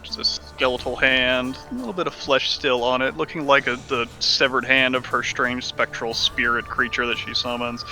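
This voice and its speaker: A man's voice: mid-range voice, fairly even intonation, normal speed, hardly any pauses, bright, forceful tone, faint music behind. A man describing his character's spells as a player in a tabletop game.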